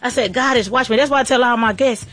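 A woman in middle age hosts a faith-driven motivational show, talking at a rapid clip. She is excited and preachy and keeps circling back to the same phrases. Soft music plays faintly underneath. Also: on the high side. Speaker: podcast host and restaurant owner.

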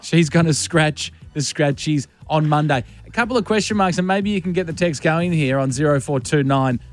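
A playful Australian man co-hosts a radio show, speaking into a studio mic. His voice sits a touch high, and he jokes his way through casual banter. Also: moderate pace, faint music behind. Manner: playful, joking. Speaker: radio co-host. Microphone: studio microphone.

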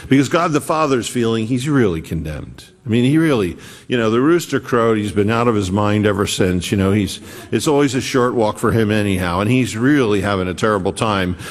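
A man preaching a sermon, retelling scripture slowly and earnestly with frequent restarts. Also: fairly low pitch, expressive. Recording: long hall reverb.

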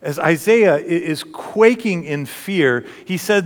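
A male pastor preaching a sermon, telling the story dramatically with repeated phrases, moving from fervent to hushed. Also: a little high, animated, a little slow, hardly any pauses. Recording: long reverb in a large hall.

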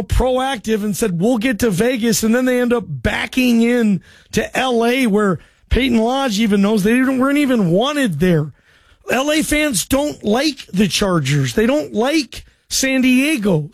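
A man hosting a call-in sports radio show, talking in loose, excitable, joking banter. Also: very high-pitched, no echo.

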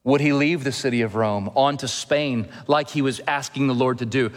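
A male pastor preaching an earnest expository sermon, slowing down to stress key phrases. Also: mid-range voice. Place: church sanctuary. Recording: long hall reverb.

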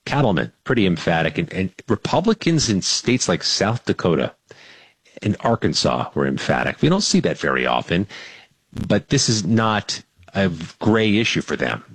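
A man's voice: low-pitched, no echo. A man appearing weekly as a guest, giving assured political analysis on a radio show. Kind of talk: political commentary.

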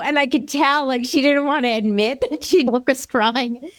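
A woman's voice: high-pitched, expressive, unhurried, no echo. A woman interviewing a guest, agreeable and telling a personal anecdote in a chatty way. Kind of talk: conversational interview.

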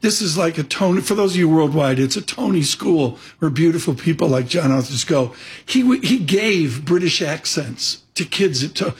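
A man hosting a morning radio show, teasing his guest and rambling through quick jokes. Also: on the high side, lively intonation, slightly rough. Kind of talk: joking morning radio banter.

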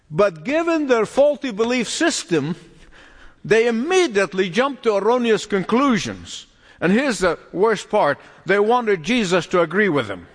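A man's voice: high-pitched, in a large hall. A man preaching a sermon as pastor, emphatic, repeating key phrases and chuckling between points.

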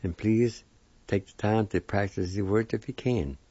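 Low-voiced guy slowly sounding out words syllable by syllable, dull lo-fi sound. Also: dark tone, slightly rough, no echo. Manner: slow, deliberate, repeats syllables carefully. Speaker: language teacher. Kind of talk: slow spelling and pronunciation lesson.

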